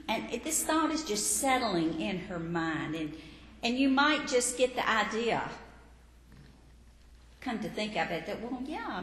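A woman Bible teacher giving a teaching sermon in an emphatic, expressive way. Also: mid-range voice, unhurried. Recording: echoey hall, faint background noise.

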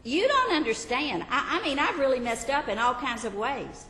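A woman's voice: animated, normal speed, pushed and bright, a little hiss or hum. Brief: woman doing a worried, self-doubting sinner, raised and insistent, echoey hall with faint background. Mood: anxious pleading. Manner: insistent, raised and high-pitched. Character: pleading anxious sinner, adult, self-doubting.

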